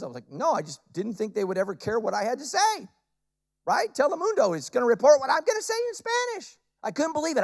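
Preaching with a voice that sits high, this pastor keeps his sermon lively and funny, lurching from loud outbursts into hushed, intense asides.

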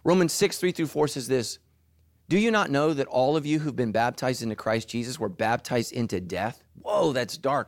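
A middle-aged man preaching a sermon as pastor, animated, who leaps into high mocking voices for asides. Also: normal speed, no room sound, clean studio sound.

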